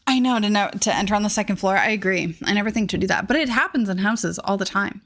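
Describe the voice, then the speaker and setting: Young woman streamer, bright gushing casual chatter. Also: mid-range voice, quick pace. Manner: bubbly, gushing, reads chat aloud. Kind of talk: casual live-stream chat.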